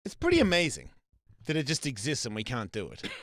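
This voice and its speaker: A man's voice: mid-range voice, huge pitch swings, fast, fairly bright tone, no echo, clean studio sound. A middle-aged Australian man hosting a casual chat, swearing freely and rambling through restarts. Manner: rambling, profane, lots of restarts. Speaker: host.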